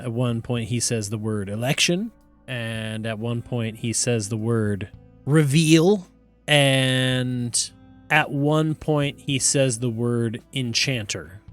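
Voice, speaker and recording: A man narrating as game master of a tabletop game in a relaxed, chatty way with fillers. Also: medium pitch, smooth.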